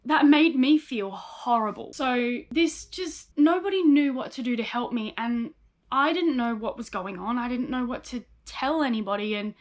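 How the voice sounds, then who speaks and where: A woman's voice: on the high side, moderate pace. A young woman speaks in a raised, light register. She tells her own story candidly and frankly, in a personal vlog, and she slips into the voices of the people she remembers. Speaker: psychologist in training sharing her story.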